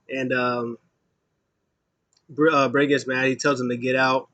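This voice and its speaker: A man giving a casual solo review of a wrestling show, rambling with many ums and getting loud when he mimics an announcer. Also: mid-range voice, flat delivery, normal speed, long pauses, muffled recording.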